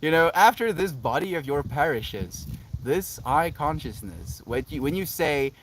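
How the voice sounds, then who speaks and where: A man's voice: a little high, big pitch swings, measured pace, a bit bright, a little hiss or hum. A South African man musing dreamily as a live streamer, reading chat comments and laughing often.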